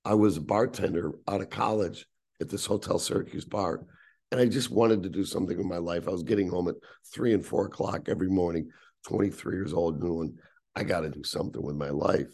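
A man's voice: low voice, fairly quick, creaky, darkish tone, slightly rough. A man in his sixties, a guest telling a long personal story in conversation, acting out the voices of the people in it. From United States. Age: 60s.

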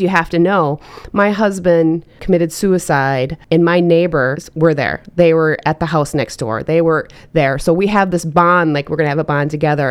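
Middle-aged woman, single mom, earnest personal story; low, smooth voice. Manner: earnest, reflective, candid. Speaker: single mother sharing her story.

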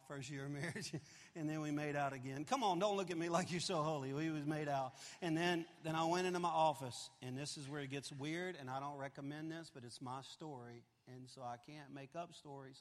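A man in his fifties preaching a confessional story sermon, animated and swinging from loud to hushed, in a large church auditorium. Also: fairly high pitch, moderate pace. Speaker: pastor. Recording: long hall reverb.

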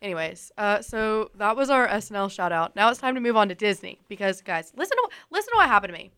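Bright-voiced young woman co-hosting. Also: mid-range voice, very animated, fast, smooth. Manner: chatty storytelling, laughing often. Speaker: podcast co-host. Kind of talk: casual chat.

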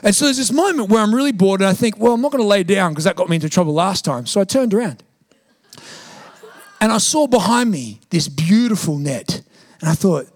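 A pastor preaching with high energy, his voice sitting high and a little gravelly. He tells his story playfully, acting out the voices of others. The sound is close and dry, with no room behind him. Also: brisk, no room sound. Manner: animated, acts out quoted voices, jokey. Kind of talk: sermon with animated storytelling.

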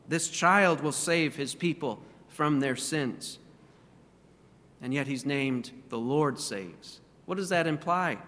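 A man's voice: a little high, bright, forceful tone, long reverb tail. A man preaching a sermon in a church, earnest and full of rhetorical questions. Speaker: pastor.

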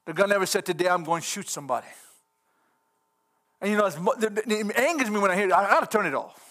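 A middle-aged man preaching a fervent sermon, folksy in grammar and rising at times to shouts. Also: sits high, fast.

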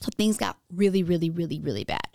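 Frank woman with vocal fry. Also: fairly low pitch, sing-song, fast, dark tone, dry recording, studio quality. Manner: frank, casual, swears freely, uses "like" often. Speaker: podcast speaker. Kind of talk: candid personal storytelling.

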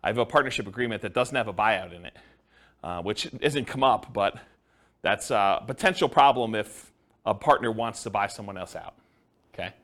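A man's voice: fairly low pitch, expressive, normal speed, fairly bright tone. A man giving a conversational classroom lecture on real estate partnerships, checking in with his listeners and using many fillers. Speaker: real estate investing instructor.

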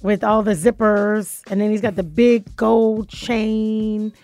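A woman's voice: mid-range voice, flat delivery, slow, mellow, no room sound, soft background music. A woman hosting a casual radio interview from a studio, talking in a playful, teasing way and laughing often. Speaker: radio host.

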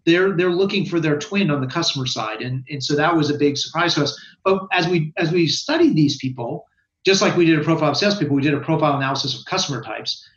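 Brief: man, mid-high voice, animated and explanatory, roomy and somewhat dull lo-fi recording. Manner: animated, explanatory, quick bursts and frequent restarts. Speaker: guest expert on sales research. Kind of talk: casual podcast conversation.

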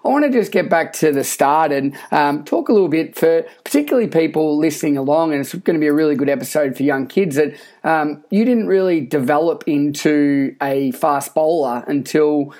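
A man's voice: a little high, moderate pace, few pauses, darkish tone. A man with an Australian accent hosting a podcast interview, upbeat and chatty, calling his guest "mate" and using plenty of fillers. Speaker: podcast host. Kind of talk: casual interview chat.

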